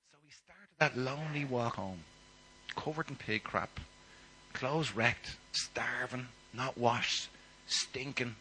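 A man preaching a sermon, telling the story with animated shifts from loud to near-whispered asides. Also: medium pitch, unhurried, a little hiss or hum, poor audio.

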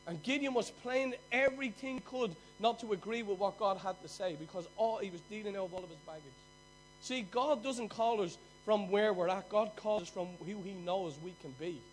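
High-voiced Irish preacher, swinging loud and soft. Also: male voice, brisk, faint music behind, low-quality recording. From Ireland. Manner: storytelling with sudden loud bursts and hushed drops. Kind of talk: sermon.

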